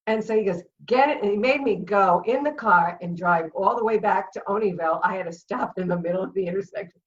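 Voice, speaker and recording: A woman's voice: medium pitch, fast. Laughing woman on distant, muffled audio. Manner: lively, laughing storyteller. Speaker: comedian guest. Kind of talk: casual chat storytelling.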